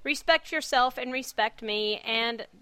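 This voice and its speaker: A woman hosting a podcast, reading a story aloud in an earnest, measured way. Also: a little high, pushed and bright, smooth, no echo. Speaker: podcast host and fanfic reader.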